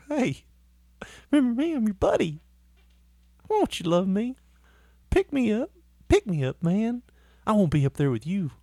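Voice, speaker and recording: Man putting on a cheeky pet dog voice, squeaky and high, begging then taunting, dry close sound. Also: big pitch swings, measured pace, long pauses, warm tone, no room sound, exaggerated voice. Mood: pleading. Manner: pleading sweetly, then taunting with curses.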